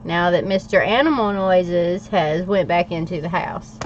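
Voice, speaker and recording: A middle-aged woman with a lowish voice hosts a livestream, speaking unhurriedly while journaling. Chatty and playful, she reads viewer comments aloud; the sound is slightly dull and lo-fi with a bit of background noise.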